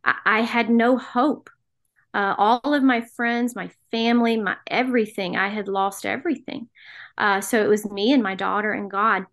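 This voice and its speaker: A woman's voice: mid-range voice, fairly even intonation, moderate pace, a bit bright. A middle-aged woman from the American South, telling her personal story as a podcast guest in an earnest, emotional way. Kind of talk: personal testimony in an interview.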